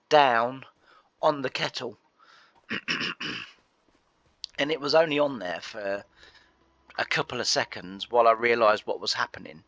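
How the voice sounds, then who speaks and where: A middle-aged man with a British accent talks over his farming game in a relaxed, rambling way, full of asides and quick laughs. His voice sits at an average pitch, recorded close and dry with a slightly muffled tone. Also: no room sound. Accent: British English. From Britain. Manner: chatty storyteller, laughs through anecdotes. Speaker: gaming channel host. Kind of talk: casual chat while playing.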